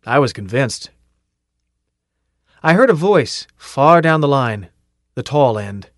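A man narrating an audiobook in a measured first-person storytelling manner. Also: medium pitch, lively intonation, dry recording, studio quality.

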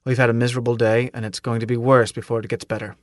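A man voicing a gruff army captain who barks clipped orders. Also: medium pitch, flat delivery, quick pace, no echo, studio quality, close to an everyday voice. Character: gruff barking army captain, commanding officer.

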